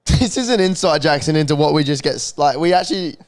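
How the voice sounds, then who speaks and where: A man's voice: on the high side, expressive, fast talker, no echo, clean studio sound. A young man co-hosting a podcast in casual banter, laughing and swearing often. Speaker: podcast co-host. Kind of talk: casual chat.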